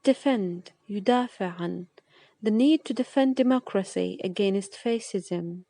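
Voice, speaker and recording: A woman teaching vocabulary, reading single words and example sentences in a slow, measured way. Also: mid-range voice, warm tone, no room sound. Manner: slow, measured reading, one word at a time.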